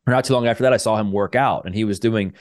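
A man's voice: lowish voice, rapid-fire, dry recording, studio quality. A man, a personal trainer, telling his life story as a podcast guest, earnest and full of fillers like "um" and "like". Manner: earnest, many fillers and restarts.

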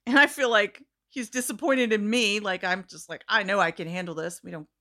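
A woman telling a bawdy story in casual chat, animated and acting out the voices of the people in it. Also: mid-range voice, brisk. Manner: animated, acts out quoted voices, laughs often. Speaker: storyteller guest.

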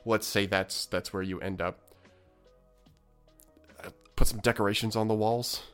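A man's voice: fairly low pitch, steady tone, measured pace, a bit bright, clear, resonant tone, soft background music. A man co-hosting a card game podcast, rambling in casual chat with frequent laughter and restarts. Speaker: podcast co-host.

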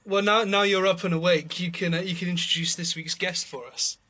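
A man's voice: high voice, fairly even intonation, fairly quick, bright, forceful tone, a little hiss or hum. A man hosting a podcast in casual chat over a video call, upbeat and teasing. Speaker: podcast host.

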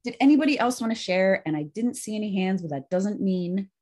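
A woman's voice: medium pitch, brisk. A woman coach talking casually and animatedly to a virtual group, then reading a poem aloud. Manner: animated, chatty, frequent "like".

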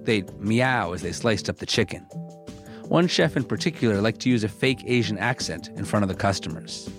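A man hosting a documentary-style podcast, narrating in a measured, clear way and interviewing a guest. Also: lowish voice, expressive, over music.

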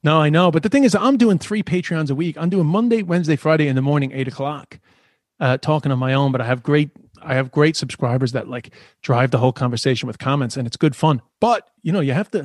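A man's voice: on the high side, fast, no room sound, clean studio sound. A man hosting a podcast, chatting casually, swearing a lot and ranting with energy. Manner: swears constantly, animated ranting. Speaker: podcast host.

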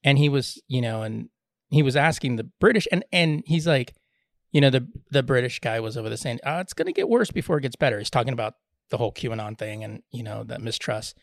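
A man's voice: medium pitch, steady tone, fairly quick, vocal fry, no echo. Podcast co-host, male, blunt and rambling, dry close-miked sound. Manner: rambling, blunt, many restarts. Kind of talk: casual chat.

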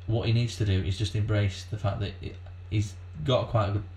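A man's voice: fairly low pitch, flat delivery, a little fast, dark tone, slight background noise. A man co-hosting a casual comedy podcast, rambling through facts with lots of fillers and swearing. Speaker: podcast co-host.

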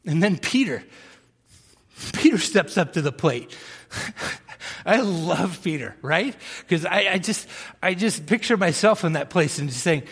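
A man preaching in a lively, animated storytelling way, slipping into the voices of the people in his stories. His voice sits a little high for a man. The sound carries the long reverb of a large hall. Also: measured pace, long pauses, breathy edge. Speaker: pastor. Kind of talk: sermon.

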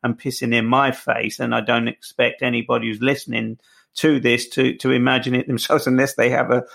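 A man interviewing a guest, asking probing, measured questions. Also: medium pitch, level tone, gravelly, fairly bright tone.

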